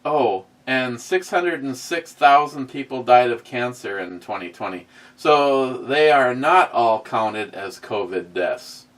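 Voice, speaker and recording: A man's voice: mid-range voice, expressive, takes it slowly, fairly bright tone, recorded from a distance. A man hosting a casual livestream, reading viewer comments aloud with sarcastic, rambling asides and many fillers. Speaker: host reading live chat.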